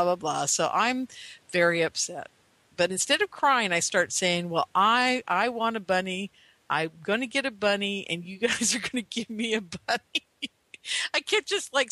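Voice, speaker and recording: Bright-voiced earnest man in his fifties. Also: high voice, no room sound. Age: 50s. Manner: rambling, earnest, full of "you know" asides. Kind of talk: casual anecdotal storytelling.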